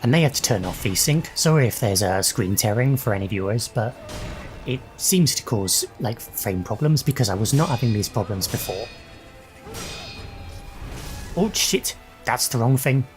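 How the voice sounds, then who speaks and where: A man's voice: medium pitch, animated, moderate pace, soft background music. A young adult man casually commentating his own gameplay, swearing and reacting aloud as he fights. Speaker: gaming channel host.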